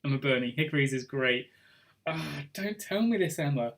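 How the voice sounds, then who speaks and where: A young man hosts a pub quiz, reading questions and drifting into rambling asides with little chuckles. His voice sits a touch higher than most men's. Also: expressive, normal speed, vocal fry, fairly bright tone. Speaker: quiz host. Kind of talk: live online pub quiz hosting.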